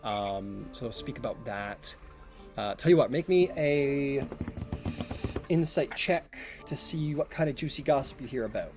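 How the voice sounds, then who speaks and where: Male game master, relaxed narration, lots of fillers, mid pitch. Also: a little slow, faint music behind.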